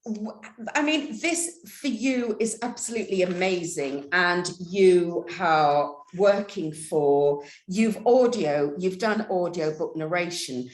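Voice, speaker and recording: A woman hosting an interview, effusive and animated in her questions. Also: mid-range voice, roomy sound. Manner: effusive, animated, lively intonation. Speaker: interview host. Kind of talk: casual interview.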